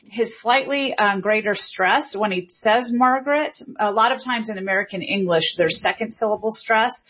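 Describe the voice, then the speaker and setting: A woman's voice: mid-range voice, husky. A woman, a linguistics professor, answering questions in a radio interview with an enthusiastic, explanatory manner. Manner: enthusiastic, explanatory, quick bursts when excited. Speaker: linguistics professor and author, guest. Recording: slightly muffled broadcast audio.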